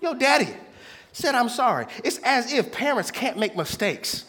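A man in his thirties preaching a sermon as pastor, swinging between hushed asides and shouted points with the congregation. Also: very high voice, big pitch swings, normal speed.

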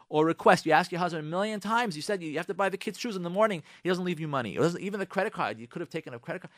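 A radio host gives marriage advice in an emphatic, coaxing monologue, speaking straight to listeners, repeating lines and firing off rhetorical questions. His high, expressive voice races along with few pauses, sounding a bit bright in a dry, studio-quality recording.

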